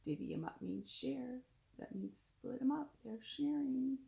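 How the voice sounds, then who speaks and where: A woman reading a children's picture book aloud, animated, and pausing to explain words to young listeners. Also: sits high, vocal fry. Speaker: storyteller.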